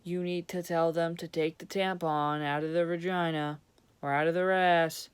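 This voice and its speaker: Young male vlogger, angry blunt rant, clean smooth tone, heavy swearing. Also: a little high, level tone, normal speed. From Vermont, USA. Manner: profane, blunt, sarcastic. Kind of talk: angry ranting monologue.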